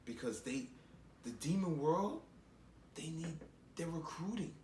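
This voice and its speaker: A man's voice: a little high, expressive, measured pace, echoey room, noisy background. A man giving a rambling, preachy commentary monologue while sitting in a chair at home. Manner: rambling and preachy, with repeated phrases. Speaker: vlogger.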